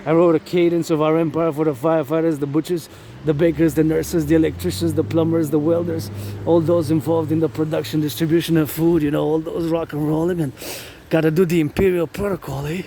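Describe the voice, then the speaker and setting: A man's voice: on the high side, level tone, brisk, dark tone, a little hiss or hum. A man, rambling and repeating himself as he vlogs while walking outdoors up a mountain in the rain, now and then breaking into chants. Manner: rambling, repetitive, chants in bursts. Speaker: vlogger.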